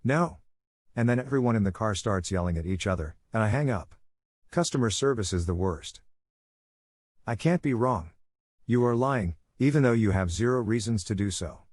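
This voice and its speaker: A man's voice: on the low side, a little mellow, no echo, studio quality. A man narrating online posts as scripted stories, lifting his voice for quoted customers and workers.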